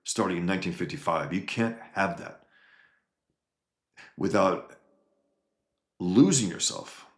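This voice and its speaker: A man's voice: deep voice, a little slow, pauses often, echoey room. A man hosting a casual livestream, reading viewer comments and talking in an emphatic, rambling way with frequent restarts. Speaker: livestream host reading chat.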